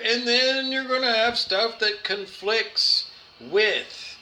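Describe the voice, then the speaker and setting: A man's voice: high voice, takes it slowly, sharp tone, faint music behind. A man giving an earnest spiritual monologue, repeating his phrases and stumbling over his words. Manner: earnest, repetitive, with stumbles and restarts.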